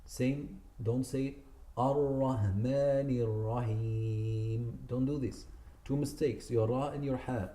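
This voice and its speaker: A man with a dark, steady, mid-range voice speaks a little slowly while teaching Quran recitation. The lesson takes place in a community centre room with noticeable echo, where he patiently corrects common slips and lengthens the words he shows.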